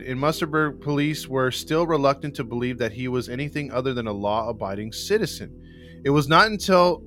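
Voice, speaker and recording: Bright-voiced man reading a crime case. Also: medium pitch. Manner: laughs often, breaks into loud joking voices. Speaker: podcast host. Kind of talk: casual live-show chat, reading a true-crime case.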